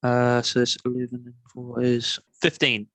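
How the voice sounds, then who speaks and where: A man playing a tabletop game, chatting casually and exclaiming excitedly at his dice rolls. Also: medium pitch, moderate pace. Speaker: player.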